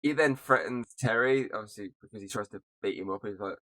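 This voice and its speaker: A man's voice: on the low side, quick pace, sharp tone, no room sound. Rambling man on a dry mic. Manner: rambling, laughs often, fills with "obviously". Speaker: podcast co-host. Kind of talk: casual film discussion.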